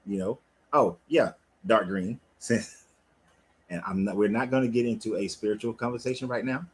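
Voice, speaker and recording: A man's voice: on the low side, normal speed, rough recording. A man, a life coach and cigar lounge owner, talking casually and profanely on a livestream from his lounge. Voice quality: laid-back, profane, animated storytelling.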